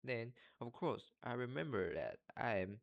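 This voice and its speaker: A man's voice: mid-range voice, expressive, measured pace, vocal fry, muffled recording, voice pushed up. A man reading aloud as a self-pitying ghost schoolgirl, dramatic and tearful.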